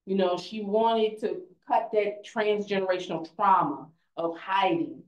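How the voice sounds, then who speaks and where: A woman's voice: medium pitch, measured pace, echoey room, highs cut off. A young woman speaking on a conference panel, earnest and conversational, often restarting her sentences.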